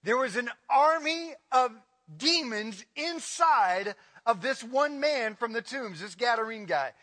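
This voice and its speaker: Impassioned high-voiced male preacher in a hall. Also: animated, slow pace. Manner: impassioned, swings from loud to low. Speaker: pastor. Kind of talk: sermon.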